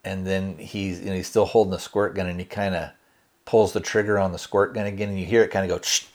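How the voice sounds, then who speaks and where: A man with a fairly low voice recaps a movie for his podcast in a loose, relaxed way. He strings the scenes together with fillers and slips the characters' lines into his own everyday voice. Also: quick pace. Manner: relaxed, hedging with fillers like kinda and you know. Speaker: podcast host reviewing a film. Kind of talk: casual spoken movie recap.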